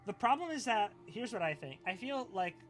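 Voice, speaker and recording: A man's voice: high-pitched, big pitch swings, moderate pace, fairly bright tone, faint music behind. A young man streaming live, reacting to clips in a profane, ranting, scoffing way.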